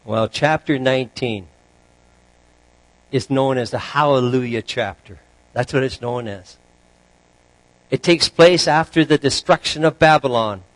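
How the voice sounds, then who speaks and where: A man preaching as a pastor, telling a joke story in a relaxed, chatty way with asides to the congregation. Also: medium pitch, measured pace, long pauses, no room sound, low-quality recording.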